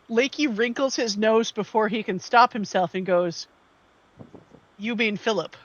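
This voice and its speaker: High bright man on a dull mic. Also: a little slow. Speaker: player. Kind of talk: tabletop role-play narration.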